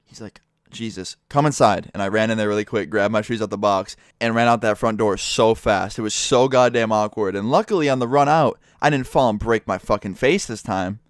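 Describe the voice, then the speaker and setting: A man's voice: on the low side, brisk, few pauses, dry recording. A young man telling a rambling, self-mocking story with lots of swearing, speaking into a close mic. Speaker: YouTuber. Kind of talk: casual storytelling vlog.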